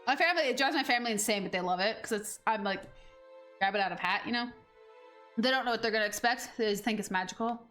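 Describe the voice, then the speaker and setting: A woman's voice: a little high, fast, fairly bright tone, faint music behind. A young woman streaming a game and telling a rambling story in casual chat, full of "like" fillers. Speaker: gaming streamer. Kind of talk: casual chat over gameplay.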